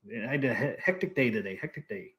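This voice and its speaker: A man's voice: medium pitch, lively intonation, fast talker, a bit bright. A man hosting a casual live stream, laid-back as he reads viewer messages aloud and chats. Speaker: host of a live stream show.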